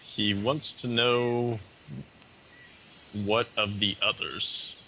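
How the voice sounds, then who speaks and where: A man's voice: on the low side, flat delivery, extremely slow, noisy background. A man playing his character in a tabletop game, speaking formally in character with hesitations. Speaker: player. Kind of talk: in-character tabletop role-play.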